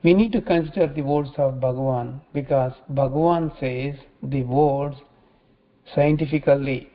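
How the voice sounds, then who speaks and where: A man teaching scripture in a religious talk, halting often and repeating phrases as he restarts. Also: medium pitch. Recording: dull lo-fi recording.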